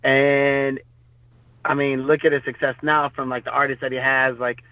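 A man's voice: mid-range voice, little pitch movement, moderate pace, no echo. A man tells long, rambling stories as a podcast guest, full of fillers and restarts. His voice sits in the middle register and comes through a tinny, phone-like line with no room sound. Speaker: podcast guest, former bodyguard. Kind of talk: casual storytelling interview.

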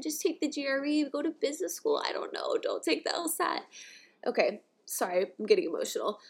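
A woman's voice: medium pitch, moderate pace. A young woman from the United States hosting a podcast, talking in a chatty, sarcastic way about news articles. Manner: chatty and sarcastic, with animated asides. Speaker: podcast host. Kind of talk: casual commentary on articles.

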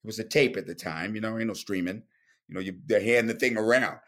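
A man, a comedian, telling a lively anecdote in a casual interview, acting out the voices and laughing as he goes. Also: fairly low pitch, quick pace. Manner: animated, acts out voices, laughs often. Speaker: comedian guest.

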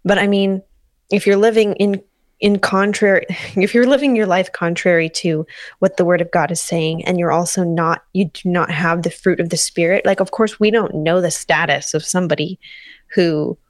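A thoughtful, low-voiced woman. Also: fairly even intonation, normal speed, no echo. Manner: thoughtful, searching for words. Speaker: podcast co-host. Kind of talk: casual discussion.

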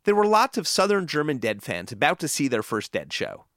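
Man narrating with a very lively pitch. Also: fairly quick, no echo, clean studio sound. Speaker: documentary narrator. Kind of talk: scripted narration.

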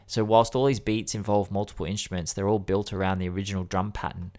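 A man talks through an album in a loose, rambling way, full of fillers and self-corrections. His voice sits low and steady in casual conversation. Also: fast. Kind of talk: casual music discussion.

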